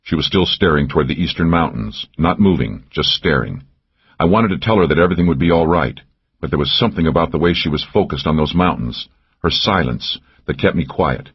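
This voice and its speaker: A man's voice: a bass voice, expressive, fairly quick, slightly rough, muffled recording. A man narrating a first-person thriller audiobook, tense and driving in action scenes.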